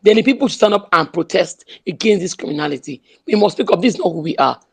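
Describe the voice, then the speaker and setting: A woman's voice: fairly low pitch, animated, fast, creaky, breathy edge. Impassioned Nigerian woman rallying listeners. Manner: emphatic, repeats slogans, mixes in pidgin. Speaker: speaker in an online audio room. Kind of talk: impassioned political speech.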